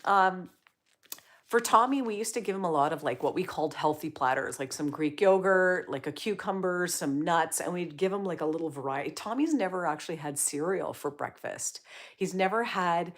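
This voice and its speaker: A woman's voice: on the low side, expressive, moderate pace. A middle-aged woman from Canada, hosting a casual livestream, chatting and reading out comments in an upbeat way with lots of fillers. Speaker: livestream host.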